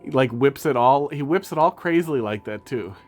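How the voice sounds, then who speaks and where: With a faint Wisconsin accent, a man streams and chats casually with his viewers, breaking into a sing-song voice when he talks to his cats. His voice sits at medium pitch, animated and fairly quick. Faint music plays in the background.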